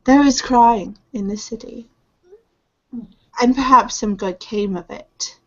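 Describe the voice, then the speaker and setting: A mysterious lady speaks in a measured, matter-of-fact tone, voiced by a woman running the game. Her voice sits a little high. The recording is dull and lo-fi. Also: a little mellow.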